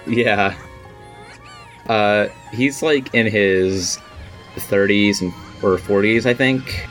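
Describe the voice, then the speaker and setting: A man's voice: fairly low pitch, drawn-out words, a bit bright, faint music behind. A man co-hosting a podcast in casual chat, eager and rambling with many fillers. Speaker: podcast co-host.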